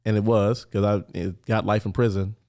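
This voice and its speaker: Animated male podcast guest telling stories. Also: fairly low pitch, normal speed. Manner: animated, acts out quoted voices, many "like" fillers. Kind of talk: conversational storytelling.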